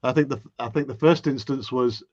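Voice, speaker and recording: A man's voice: medium pitch, brisk, a little mellow, no echo, muffled recording. A man with an English accent chatting casually on a livestream, breezy and self-mocking. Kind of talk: casual group chat on a livestream.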